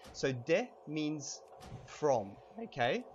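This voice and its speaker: A young man giving a casual language lesson while playing a video game, relaxed and chatty, slowly stressing words so they can be heard. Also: fairly high pitch, highs cut off, a little hiss or hum. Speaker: language teacher.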